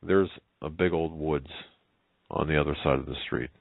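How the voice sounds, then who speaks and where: A man's voice: a bass voice, fairly even intonation, normal speed, vocal fry, no room sound, heavily acted. A man voicing a bold, encouraging little girl in a read-aloud story. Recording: tinny phone-like line.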